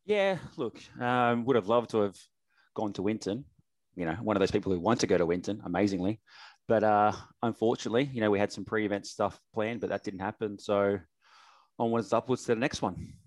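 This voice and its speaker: Guest: man, very deep voice, relaxed and cheerful, dry close sound. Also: brisk, no room sound. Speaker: sponsorship manager guest. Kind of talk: casual interview chat.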